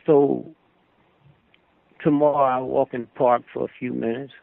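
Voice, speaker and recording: A man's voice: medium pitch, level tone, moderate pace, vocal fry, no echo. An older man holding forth as a guest, preaching in long rambling stories and asking his listener for agreement. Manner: preachy, asks "Hmm?" for agreement. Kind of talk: rambling storytelling monologue. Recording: phone-line radio call.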